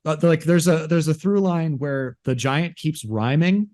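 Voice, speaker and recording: A man's voice: fairly high pitch, moderate pace. A man co-hosting a podcast, chatting casually and rambling with lots of restarts and acted-out quotes. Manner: rambling, animated, acts out movie lines. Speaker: podcast co-host. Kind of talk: casual chat.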